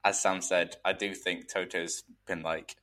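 A man co-hosting a podcast, talking in a relaxed, rambling way. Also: deep voice, unhurried. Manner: relaxed, rambling, many fillers. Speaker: podcast co-host. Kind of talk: casual chat.

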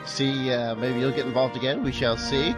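A man's voice: mid-range voice, steady tone, moderate pace, music in the background. A man co-hosting a podcast, prompting his partner with short remarks. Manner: brief prompting interjections. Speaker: podcast co-host. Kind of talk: casual interview chat.

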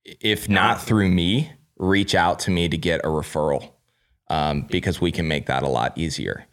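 Man, very low pitch, podcast guest, candid, self-deprecating, casual chat. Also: normal speed, a bit bright. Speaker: guest, staging company owner.

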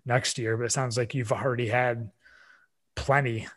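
A man hosting a podcast, asking questions in an eager, chatty way, quick to say how awesome things are. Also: mid-range voice, little pitch movement. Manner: enthusiastic, full of "like" and "awesome". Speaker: podcast host. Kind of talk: casual interview chat.

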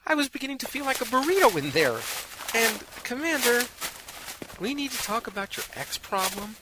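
A man voicing a jittery, fussy male rabbit doctor who talks high and fast. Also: big pitch swings, very noisy. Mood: panicky.

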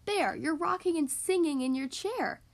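Hurried hare, high and brisk, always on the go, storybook voice, put on by a woman reader. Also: animated, vocal fry. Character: busy male hare always running.

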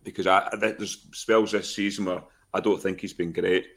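A man giving frank, animated opinions in a casual football podcast chat. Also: low voice, normal speed. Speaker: podcast co-host.

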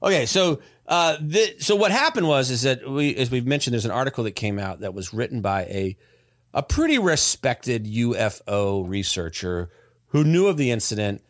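Animated man telling a story. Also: mid-range voice, normal speed, no room sound, studio quality. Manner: animated, rambling with restarts. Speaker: podcast host. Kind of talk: casual storytelling chat.

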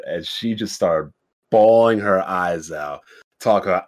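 A man's voice: low-pitched, a little slow, darkish tone. A young adult man on a podcast telling a dating story in a blunt, profane, casual way, acting out both sides of the conversation in his own voice. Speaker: podcast host.

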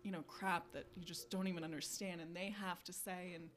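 A young woman with a slightly low voice chats casually as a podcast co-host. Her talk is full of fillers and quick asides, and faint noise hums behind her. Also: fairly even intonation. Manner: chatty, many fillers like "you know" and "like". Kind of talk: casual chat.

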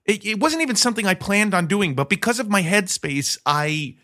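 A man's voice: high-pitched, expressive, brisk, pushed and bright. Rambling self-mocking man storyteller. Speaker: podcast host. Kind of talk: casual chat.

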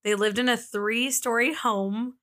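A woman's voice: a little high, fairly even intonation, measured pace, fairly bright tone. A woman hosting a podcast, telling a true-crime story in a casual, chatty way with lots of "like" fillers. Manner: chatty, frequent "like" fillers, laughs easily. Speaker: podcast host.

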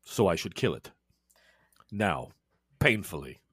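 Low growly vampire bodyguard guy, cold and threatening, a man putting him on, dry sound. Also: sing-song, takes it slowly, a bit bright, slightly rough, dry recording, full character voice.

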